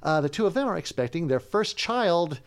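Clear-voiced man hosting a chat. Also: on the high side, big pitch swings, dry recording. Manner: chatty, quick introductions. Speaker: host. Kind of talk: casual chat.

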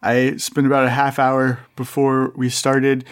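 A man's voice: mid-range voice, completely flat delivery, measured pace. A man, the game master of a tabletop show, chatting in a self-deprecating, laughing way. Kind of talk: casual actual-play chat.

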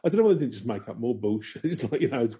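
Husky, sardonic male podcast co-host. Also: mid-range voice, expressive, very fast, mellow. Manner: sardonic, wry storytelling. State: slight frog in throat. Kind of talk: casual banter.

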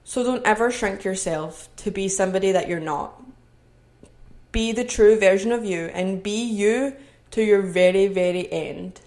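Speaking at a measured pace in a mid-range, slightly mellow voice, a young Scottish-accented woman hosts a solo podcast recorded at home. She addresses listeners directly, earnest at first and then increasingly motivational.

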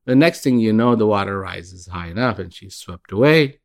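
Older man telling a reflective story, gravelly. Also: lowish voice, lively intonation, moderate pace. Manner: reflective, with many restarts. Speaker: speaker and podcast host. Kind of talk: storytelling talk on inner life.

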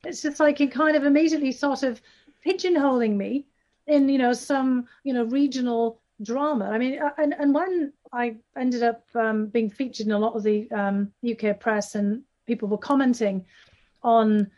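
A woman's voice: fairly high pitch, moderate pace, a little mellow, lo-fi sound. A woman with a Northeast English accent, an author answering interview questions at length, with many fillers and restarts. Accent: Northeast England. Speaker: author guest.

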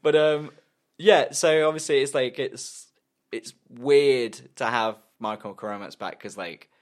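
A man's voice: mid-range voice, measured pace. A young man co-hosting a podcast, telling a long story in loose casual chat and swearing freely. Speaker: podcast co-host.

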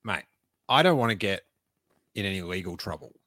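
A man's voice: sits low, animated, a little fast, fairly bright tone, no room sound. A man, co-hosting a casual podcast chat, joking and often cutting in. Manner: jokey, interrupting, bursts into silly voices. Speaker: podcast co-host.

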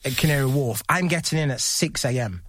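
A man's voice: medium pitch, a little fast, fairly bright tone, dry recording. A man, a former footballer, telling a casual story as a podcast guest. He laughs often and acts out what other people said.

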